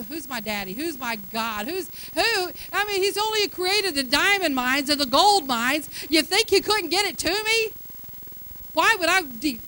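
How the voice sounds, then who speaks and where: Female preacher, sermon, bright tone, slight background noise. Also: high-pitched, low-quality recording. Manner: animated preaching, acts out everyday dialogue; soft, hushed invitation at the close. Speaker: pastor. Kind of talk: sermon with altar call.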